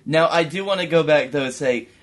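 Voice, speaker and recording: A man's voice: a little high, a little fast. A man co-hosting a comedy podcast, adding jokes in a dry, matter-of-fact way during casual chat. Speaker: podcast co-host.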